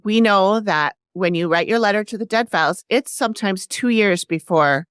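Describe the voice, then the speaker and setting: A woman's voice: mid-range voice, normal speed, smooth, no echo. A woman with a mid-range voice co-hosts a casual podcast and picks at details with blunt, skeptical questions. Her voice is dry and close to the mic. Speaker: podcast co-host.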